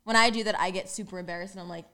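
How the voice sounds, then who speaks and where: Fast-talking young woman podcast co-host. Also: medium pitch. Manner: giggly, animated storytelling. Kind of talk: casual chat.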